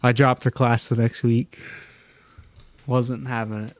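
A man's voice: medium pitch, level tone, measured pace, dry recording. A young man telling a rambling story in casual chat, swearing a lot and filling gaps with "uh" and "like". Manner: rambling storyteller, heavy swearing, many fillers. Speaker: podcast co-host.

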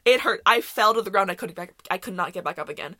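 Woman, solo podcast host; chatty, self-correcting storyteller, mid pitch, dry recording. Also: lively intonation, fast talker, pushed and bright, no echo. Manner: rambling, self-correcting, laughs often.

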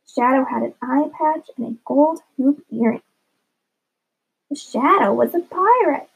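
A woman, a teacher, reading a children's chapter book aloud in an expressive storytelling manner. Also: high voice, measured pace, gravelly. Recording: dull lo-fi recording.

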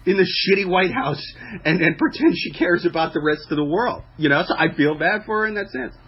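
Casting: high, husky man, crude rambling rant, dull lo-fi sound. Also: expressive, fairly quick. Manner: profane, rambling, acts out mocking voices. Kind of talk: casual podcast chat.

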